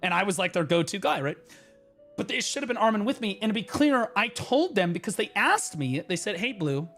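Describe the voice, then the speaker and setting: A young man telling a story on stream in a profane, excitable way, now and then bursting into shouts. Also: high-pitched, a little fast, soft background music. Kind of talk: animated storytelling rant.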